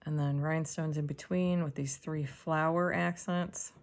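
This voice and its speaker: Woman with a low gravelly voice, chatting softly thru a jewelry haul, slips into whispers. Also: fairly even intonation, measured pace. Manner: soft-spoken, drifting into whispers while examining items. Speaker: jewelry reseller. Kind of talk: casual unboxing narration.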